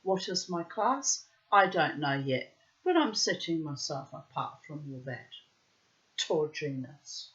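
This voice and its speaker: A woman's voice: sits low, lively intonation, takes it slowly, a bit bright. A middle-aged woman telling a personal story in a wry, dramatic, digressive way, with florid wording. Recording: dull lo-fi recording.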